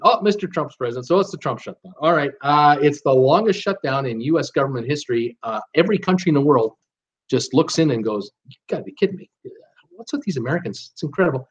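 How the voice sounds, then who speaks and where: A man's voice: a little high, dull audio. Chatty Canadian man, live-stream host. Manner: rambling, chatty, many "uh"s and restarts. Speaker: host of a live cruise channel. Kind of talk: casual live-stream chat.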